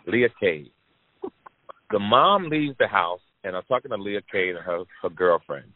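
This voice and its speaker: A man hosting a podcast, telling a long personal story to his audience in a lively, profane way, repeating lines for emphasis. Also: lowish voice, a little slow, no room sound. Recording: dry, phone-like narrow sound.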